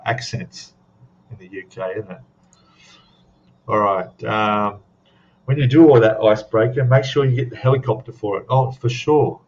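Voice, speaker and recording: A man's voice: lowish voice, muffled recording. An Australian man hosting a live stream, chatting casually and rambling to his audience, often ending remarks with "eh?". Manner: rambling, chatty, tags questions with "eh?".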